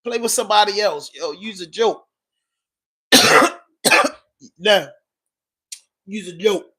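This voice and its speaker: A man's voice: high-pitched, takes it slowly, bright, forceful tone, slightly rough. A man with a Baltimore accent hosting a casual livestream podcast, talking loosely in slang while answering viewer comments. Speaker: podcast host.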